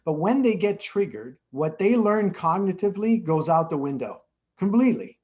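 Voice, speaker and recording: A man explains his views at length as an interview guest, earnest and patient. He keeps checking in with "right?" His voice sits somewhat high, and the recording sounds a little dull. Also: very animated, moderate pace, a little mellow. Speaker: guest, addiction treatment founder.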